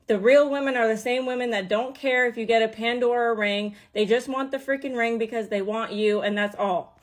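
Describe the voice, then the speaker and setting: A woman giving reaction commentary in a blunt, exasperated way, swearing freely. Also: on the high side.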